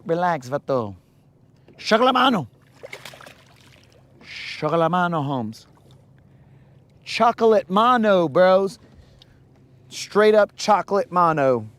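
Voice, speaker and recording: Upbeat man angler on a lake, fairly high voice, playful running commentary with Spanish slang. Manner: playful, hyped banter peppered with Spanish slang. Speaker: angler, channel host. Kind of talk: live fishing vlog commentary. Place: outdoors on a lake.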